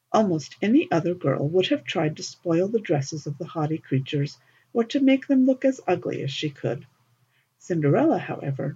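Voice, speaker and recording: A woman narrating a fairy tale in an expressive, lilting storybook reading, on a dull lo-fi recording. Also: fairly low pitch, breathy edge.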